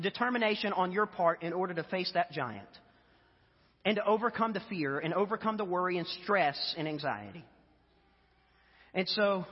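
Male pastor, high and husky, chatty storytelling sermon, big echoey hall on a dull, lo-fi recording. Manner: conversational storytelling with fillers.

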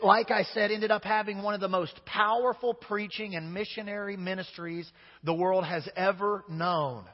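A man's voice: high voice, husky, big-room sound, highs cut off. A man preaching a sermon in church, talking straight to the congregation with playful asides. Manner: conversational, addresses the congregation directly with playful asides. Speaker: pastor.

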